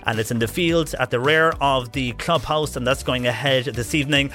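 A local radio presenter from talks listeners through texts and community notices. His voice is bright and forward, and his delivery is easygoing and conversational, dotted with small fillers. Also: mid-range voice, normal speed, faint music behind. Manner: steady, conversational, frequent "uh" fillers. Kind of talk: live radio talk show, reading listener texts.

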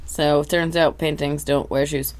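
A woman's voice: sits low, level tone, unhurried. A woman co-hosting a podcast, animatedly retelling a cartoon episode and acting out the characters' lines. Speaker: podcast co-host. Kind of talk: casual recap chat.

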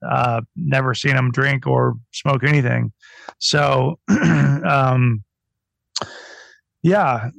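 A man's voice: medium pitch, very slow, gravelly, pauses often, fairly bright tone, no room sound. A man being interviewed as a guest on a casual podcast, talking irreverently and laughing often.

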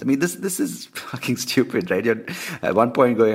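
Deep-voiced guy on his podcast, ranting and telling a story, swears a lot, very animated. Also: moderate pace. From India. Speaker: podcast host. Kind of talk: casual ranting monologue.

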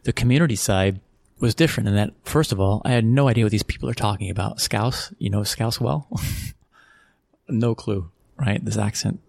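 Casual american guy from texas, low gravelly voice, rambles and chuckles, dry close mic. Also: moderate pace, darkish tone, no room sound. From Texas, USA. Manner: rambling, many restarts, chuckles often. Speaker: interview guest, football club executive. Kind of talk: casual interview storytelling.

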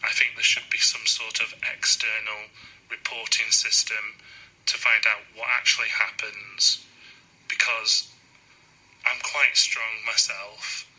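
A husky man leaves a slow, even-toned message for a show. His voice is bright and edgy, and it comes through a tinny phone line. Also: fairly low pitch. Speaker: caller.

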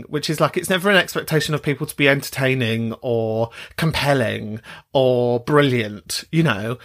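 A man hosting a podcast, talking in an earnest, affirming way as he wraps up the show. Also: fairly high pitch. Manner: earnest, affirming, gently emphatic. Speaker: podcast host. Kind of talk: podcast outro chat.

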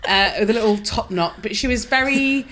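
A woman's voice: fairly high pitch, a little fast, fairly bright tone. A woman, co-hosting a casual pub-chat podcast, telling a story with frequent laughter. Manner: chatty storyteller, laughing often. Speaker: podcast co-host.

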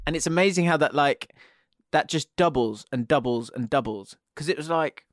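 Animated man, dry close sound. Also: a little high, moderate pace, no echo. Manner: animated, exasperated, laughs often. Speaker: podcast co-host. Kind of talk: casual football chat.

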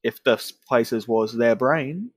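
Aussie guy on a podcast, dry close mic, tired and joking at himself, middle pitch. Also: slow pace, husky, dry recording. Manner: self-deprecating, tired and offhand. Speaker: podcast co-host. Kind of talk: casual chat.

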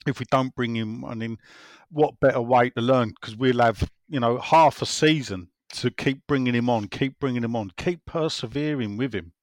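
A man's voice: medium pitch, moderate pace. A man talks in a loose, conversational way. He circles back over his points and reads listener messages aloud in a mid-range voice. The sound is dry, with no room echo. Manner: rambling, conversational, repeats himself. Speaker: football podcast host reading listener messages. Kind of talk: casual chat.

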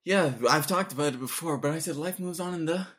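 A man's voice: a little high, fast talker, fairly bright tone. A young man hosting a casual podcast chat, telling joking stories and saying dude and bro a lot. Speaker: podcast host.

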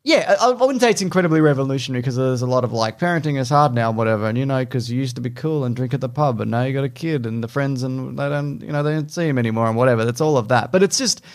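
A man's voice: medium pitch, quick pace, hardly any pauses. An Australian man co-hosting a podcast in casual chat, with dry, teasing banter. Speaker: podcast co-host.

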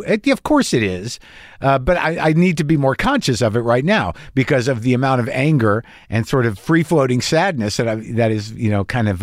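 A man's voice: a little high, no echo, clean studio sound. A middle-aged man hosting a podcast, telling stories in a rambling comedic monologue, self-mocking and acting out the voices of people he quotes. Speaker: podcast host.

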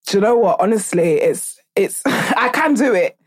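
A woman in casual podcast chat, playful and teasing, chiming in quickly and laughing along. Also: mid-range voice, expressive, breathy edge.

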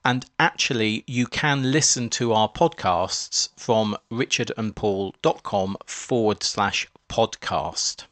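A man's voice: fairly low pitch, takes it slowly, hardly any pauses, dry recording. A middle-aged man from Guernsey co-hosting a podcast in casual chat, agreeable and mild, murmuring along. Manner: mild, agreeable, many soft murmurs of assent. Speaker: podcast co-host.

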